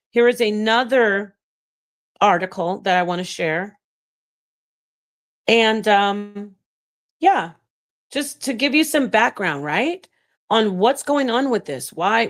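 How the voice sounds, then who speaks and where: A woman talks through scripture on her own channel, casual and emphatic. She reads passages aloud and speaks straight to her viewers, and her voice sits at a middle pitch. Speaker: channel host teaching on scripture. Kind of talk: casual livestream-style teaching and commentary.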